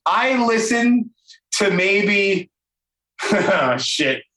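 Middle-aged New York podcast host, rambling and loose, brightish voice a little above average pitch. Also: male voice, lively intonation, extremely slow, roomy sound, rough recording. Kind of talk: casual interview chat. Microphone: video call.

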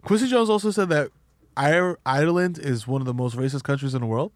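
A man's voice: on the high side, dry recording. A man co-hosting a podcast, joking around in slangy casual chat. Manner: joking, slangy, quick reactions. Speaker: podcast co-host.

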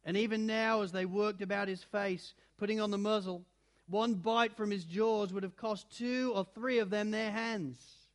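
A man reading a children's storybook aloud in an expressive, dramatic way, shifting between loud and hushed passages. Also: high-pitched, moderate pace. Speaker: narrator.

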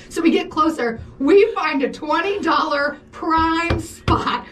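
A woman co-hosting a podcast, telling a story in casual chat, animated and laughing, swearing freely. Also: very high voice, measured pace, few pauses, far from the mic, a little hiss or hum. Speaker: podcast co-host.

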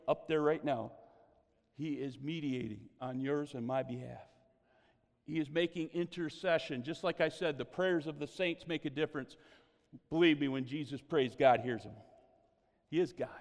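Man, preacher, sermon, animated storytelling, higher pitch, long hall reverb. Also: creaky. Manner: animated storytelling, exclamations of praise.

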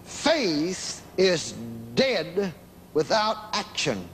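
A man preaching a sermon, emphatic, repeating phrases and stretching key words slowly. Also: sits high, sing-song, fairly bright tone, faint music behind. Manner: emphatic, repeating phrases, sudden slow-downs. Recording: reverberant hall with faint noise.

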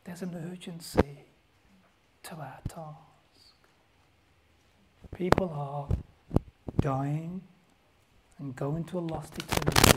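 A man preaching a sermon as a pastor, impassioned and swinging from loud outbursts to hushed whispers. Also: a little high, steady tone, takes it slowly, pauses often, heavy background noise.

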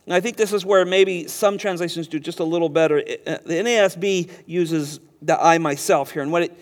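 A man preaching an expository sermon, emphatic and slowing down to stress key words. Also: fairly high pitch. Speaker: pastor. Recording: long hall reverb.

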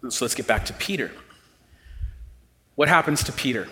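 Pastor guy preaching, earnest, goes loud and pleading then drops quiet, echoey church hall. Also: animated, moderate pace. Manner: earnest, rising to emphatic pleas and dropping low and quiet. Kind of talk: sermon.

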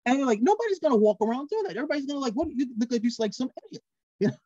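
A man co-hosting a casual film review show, talking in an animated, rambling way with lots of restarts. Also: extremely high pitch, racing, no room sound, highs cut off. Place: TV studio.

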